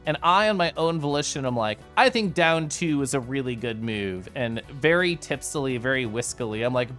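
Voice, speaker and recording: A man's voice: medium pitch, lively intonation, normal speed, hardly any pauses, a bit bright, soft background music. A man chatting casually to his livestream viewers, giggly and bubbly, with lots of asides. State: tipsy from whiskey earlier. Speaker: streamer recapping VR chat meetups.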